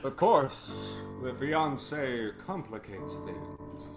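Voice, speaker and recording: A man's voice: mid-range voice, lively intonation, drawn-out words. An actor playing a theatrical, complaining con man. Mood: scheming. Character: scheming, whiny con man. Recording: faint music behind.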